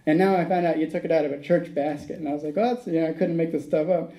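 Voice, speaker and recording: A man's voice: on the high side, fast talker, mellow, rough recording. A man speaking at a recovery meeting, telling a rambling personal story, acting out the dialogue and laughing at his own tale.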